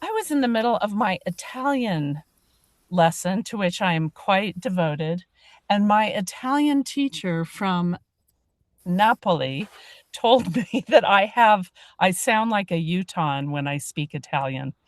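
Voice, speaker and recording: A woman podcast host chatting with a guest, telling a self-deprecating story in a lively way. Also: medium pitch, a little slow, dry recording. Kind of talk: casual interview chat.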